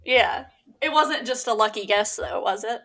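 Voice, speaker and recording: A woman co-hosting a casual podcast, running a guessing game and reading the clues deliberately. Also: fairly high pitch, fairly bright tone. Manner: reads quiz clues deliberately, laughs between. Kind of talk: casual chat.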